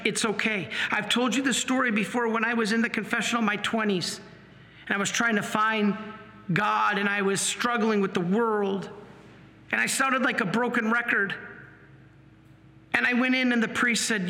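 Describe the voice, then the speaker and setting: A man, a priest, preaching a sermon in an earnest, animated way. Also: sits high, moderate pace. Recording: long hall reverb.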